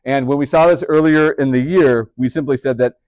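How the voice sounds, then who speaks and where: A man's voice: mid-range voice, a little fast, darkish tone, no room sound, clean studio sound. Male teacher, mid-range voice, chatty classroom lecture with playful asides. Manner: chatty, upbeat, joking asides to students. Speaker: high school math teacher.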